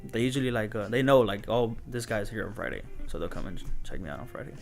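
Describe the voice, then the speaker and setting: A man's voice: on the low side, lively intonation, fast, creaky, music in the background. Laid-back man telling club stories. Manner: laid-back storytelling, says "dude" and "bro" a lot, laughs often. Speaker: guest DJ. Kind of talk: casual interview chat.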